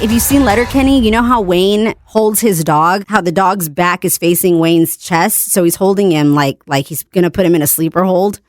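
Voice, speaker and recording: Low-voiced woman recounting a nightmare. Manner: animated retelling, acting out her own shouts and cries. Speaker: podcast host. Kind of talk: casual dream storytelling.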